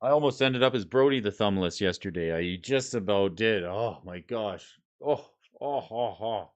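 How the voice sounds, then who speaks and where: Man, low voice, casual streamer, reads card names and rules aloud, chats with viewers, dull lo-fi audio. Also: normal speed. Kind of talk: casual livestream chat while sorting cards.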